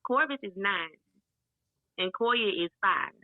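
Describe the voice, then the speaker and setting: Guest phoning in to a chat show, laid-back and rambling, thin phone-line sound. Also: female voice, mid-range voice, lively intonation, slow pace, no echo. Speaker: guest calling in. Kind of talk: casual chat.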